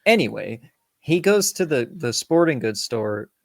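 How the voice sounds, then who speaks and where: A man's voice: medium pitch, measured pace, gravelly, dry recording. Casual swearing podcast man, dry sound. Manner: profane, animated, acts out quotes. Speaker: podcast co-host. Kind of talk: casual film review chat.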